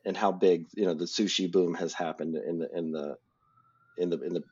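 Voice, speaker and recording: A deep, husky-voiced man co-hosting a podcast and talking about films. He rambles, circling back with fillers and restarts. The audio is slightly dull and lo-fi. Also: steady tone, a little fast, a little mellow. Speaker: podcast co-host. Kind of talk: casual film discussion.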